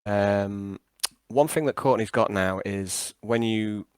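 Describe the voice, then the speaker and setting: A man's voice: lowish voice, slow pace, a little mellow, clean tone, no room sound. A man running a tabletop game over a call, rambling and hesitant with many fillers and restarts. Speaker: game master.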